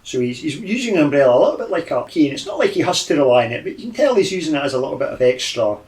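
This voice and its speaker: A man's voice: fairly high pitch, big pitch swings, rapid-fire, a little mellow, echoey room. A man playing a tabletop role-playing game, thinking aloud about plans and describing his character. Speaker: player. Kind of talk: tabletop game play and narration.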